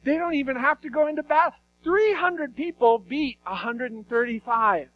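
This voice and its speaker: Man preaching, high voice, animated casual storytelling sermon. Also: normal speed, dry recording, muffled recording. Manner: animated, conversational retelling of Bible stories.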